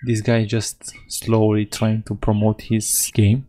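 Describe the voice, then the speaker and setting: A European man hosts a Let's Play, reading the game's text aloud playfully and putting on mock voices for the dialogue. His voice sits on the low side, slow and monotone with a dark tone, and the recording is rough.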